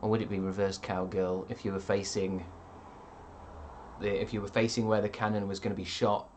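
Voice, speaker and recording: A man's voice: on the low side, level tone, normal speed, a little mellow, a little hiss or hum. A man streaming live, reading out chat with rambling dry jokes and lots of ums.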